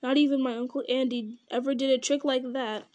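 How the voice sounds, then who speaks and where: A woman's voice: high voice, fairly even intonation, fairly quick, a little mellow, close to an everyday voice. A woman reading as a homely hobbit gardener. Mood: relieved. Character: male hobbit gardener, homely and plain-spoken.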